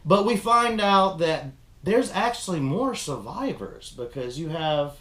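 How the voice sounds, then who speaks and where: A man's voice: on the high side, a little slow, echoey room. A young man casually chatting as a film review host, rambling and swearing as he retells scenes. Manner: rambling, profane, animated retelling. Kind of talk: casual chat.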